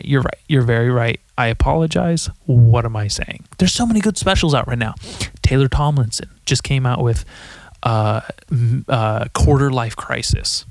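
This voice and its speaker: Young guy rambling on his podcast, lots of swearing, gravelly fry, dry close sound. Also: mid-range voice, no echo. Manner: profane, rambling, self-correcting. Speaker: podcast host. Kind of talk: rambling solo podcast monologue.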